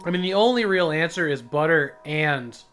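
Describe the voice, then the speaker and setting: A man's voice: fairly high pitch, lively intonation, normal speed, a bit bright, faint music behind. A man streaming a video game, joking around crudely and reading the on-screen dialogue aloud. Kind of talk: casual gameplay commentary.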